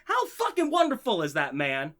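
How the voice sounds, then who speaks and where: A man ranting passionately on his own channel, heavily profane and swinging between biting sarcasm and loud, excited enthusiasm. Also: high-pitched, moderate pace. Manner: profane, heated, swings from sarcasm to shouting joy. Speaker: channel host. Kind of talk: impassioned ranting vlog.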